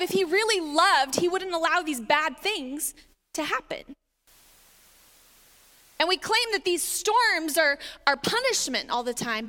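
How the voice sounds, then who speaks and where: A woman's voice: high-pitched, bright, forceful tone. A woman preaching a sermon, reading scripture aloud and animatedly acting out the voices in it, laughing along with her congregation. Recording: reverberant hall.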